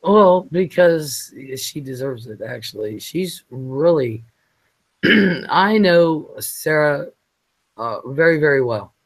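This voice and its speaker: A man hosting a late-night casual chat show, rambling and halting with fillers as he talks. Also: on the high side, lively intonation. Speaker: show host.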